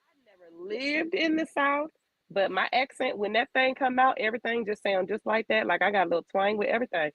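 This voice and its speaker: A woman's voice: a little high, a little fast, fairly bright tone, dry recording, dull audio. A woman from Maryland hosting a radio talk show, chatting casually and laughing often. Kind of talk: casual interview chat.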